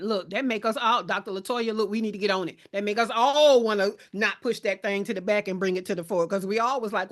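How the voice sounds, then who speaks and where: A woman talks casually to her live audience, calling them y'all and mixing in slang. Her pitch sits in a middle range. She sounds like a business coach hosting her own show. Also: a little fast, few pauses. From Alabama. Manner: warm, chatty, Southern slang, addresses audience as y'all. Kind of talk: casual live-stream talk.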